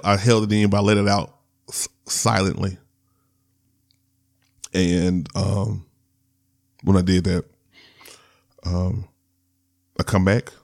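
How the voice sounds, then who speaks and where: A podcast host with a slightly mellow voice on the low side tells a personal story. He's candid and rambling, laughing and restarting as he goes.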